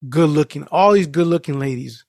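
He speaks a bit fast in a slightly high, gravelly voice, captured close with no room sound at all. The casual host tells rambling, animated stories, cursing freely, restarting often, and working "dude" into almost every thought.

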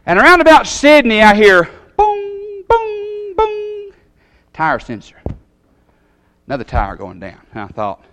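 A man tells a personal story from the pulpit. His delivery is folksy and animated, swinging from quiet asides to sudden high bursts. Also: moderate pace. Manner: folksy, animated storytelling with big pitch jumps. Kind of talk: storytelling sermon.

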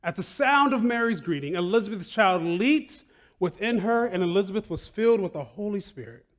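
Guy pastor preaching, kinda high voice, chatty and animated, keeps saying right?. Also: fairly quick. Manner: animated, bursts into loud excited outcries, laughs often; conversational with frequent "right?" and "like". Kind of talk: sermon.

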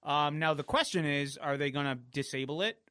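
A man's voice: a little high, fairly quick, clear, resonant tone, no room sound, clean studio sound. A man co-hosting a podcast in casual chat, rambling and swearing often. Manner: profane, rambling, animated. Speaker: podcast co-host.

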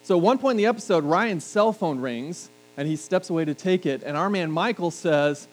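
A middle-aged pastor preaches a sermon, chatting conversationally with the congregation and dropping in joking asides. His voice sits on the high side and sounds animated, moving at a moderate pace with few pauses. The audio is poor, with a faint mains hum underneath.

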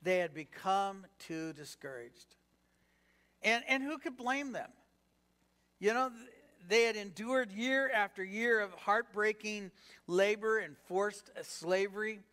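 A pastor with a notably high, sharp voice preaches at a measured pace, speaking conversationally. He tosses rhetorical questions at the congregation and fills the gaps between thoughts with "you know."

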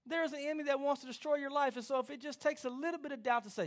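High-voiced, animated preaching man. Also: rapid-fire, hardly any pauses. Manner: animated, acts out quoted voices. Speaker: pastor. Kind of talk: sermon.

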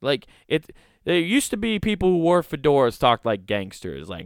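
A man's voice: mid-range voice, very animated, moderate pace, creaky, clear, resonant tone, no room sound, studio quality. A man hosting a comedy podcast, giving sarcastic, mocking commentary and laughing often.

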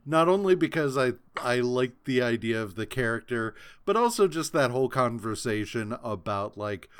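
A man's voice: medium pitch, animated, moderate pace, smooth. A man co-hosting a podcast, chatting casually about comics in a laid-back, rambling way. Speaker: podcast co-host.

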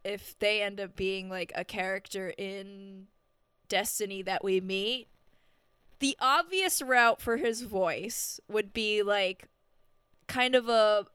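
A woman co-hosting a podcast in casual chat, chatty and quick to laugh. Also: mid-range voice, a bit bright, clean tone, no room sound, clean studio sound. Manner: chatty, giggly. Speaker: podcast co-host.

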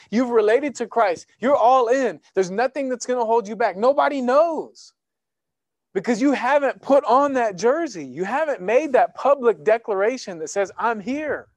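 A man preaching a sermon in church, animated and conversational, acting out little exchanges as he goes. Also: sits high, no echo. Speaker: pastor. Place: church sanctuary.

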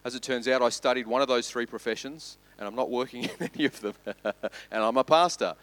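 A male pastor preaching a sermon, swinging from loud to hushed. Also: medium pitch, brisk, poor audio.

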